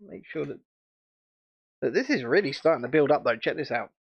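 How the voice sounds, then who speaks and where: A man's voice: on the high side, animated, brisk, slightly rough, dull audio. A British man hosting a casual livestream chat, chatty and rambling, and laughing often. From United Kingdom. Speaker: channel host.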